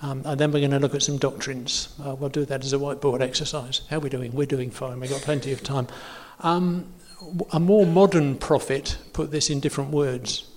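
A man's voice: medium pitch, steady tone, a little fast, few pauses. Guy giving a chatty church talk, lots of ums, mid voice, long hall echo. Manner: chatty, self-correcting, many fillers. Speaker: preacher. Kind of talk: informal teaching talk.

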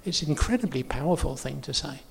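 A man's voice: on the high side, lively intonation, fast, creaky, husky. Man teaching faith in an echoey hall. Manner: chatty, self-correcting, many fillers. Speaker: preacher. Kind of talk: informal teaching talk. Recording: long hall reverb.

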